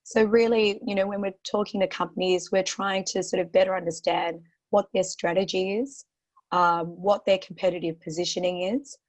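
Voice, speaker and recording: An Australian woman with a croaky voice, answering interview questions as a guest on a webinar, talking steadily with lots of "you know" and "um" fillers. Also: medium pitch, fairly even intonation, moderate pace. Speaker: portfolio manager guest.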